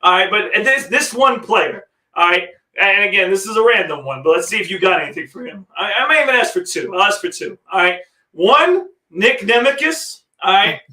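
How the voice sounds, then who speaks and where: A male sports radio co-host asking eager, quick questions. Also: high-pitched, lively intonation, sharp tone, distant mic. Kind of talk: casual interview. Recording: echoey room, off-mic.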